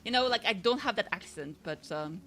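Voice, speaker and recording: A woman's voice: mid-range voice, expressive, a little fast, fairly bright tone, a little hiss or hum. A woman from France with a slight French accent, chatting casually with her stream viewers in a rambling way, full of fillers and restarts.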